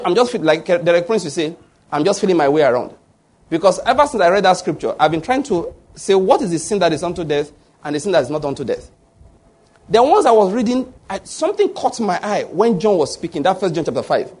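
A man's voice: high voice, husky. A man preaching a sermon, emphatic and often restarting his words while asking the congregation to fill in the answers. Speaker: pastor.

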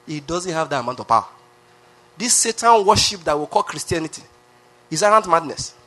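Pastor guy preaching hard, high bright voice, repeats stuff, keeps asking the crowd questions. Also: big pitch swings, brisk. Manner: emphatic preaching with repetition and rhetorical questions. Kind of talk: sermon.

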